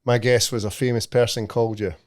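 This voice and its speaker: A man's voice: medium pitch, level tone, fairly quick, no echo. Co-host, Scottish man, blunt banter, dry close-miked sound. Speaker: podcast co-host. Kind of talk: casual chat.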